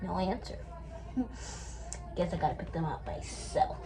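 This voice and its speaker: A woman's voice: fairly low pitch, fairly quick, crowd noise. A woman playing with paper cats, talking to them and answering in their voices in a playful, bickering way. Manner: playful, switches between bickering cat characters. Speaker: channel creator. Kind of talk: playful paper-cat role-play.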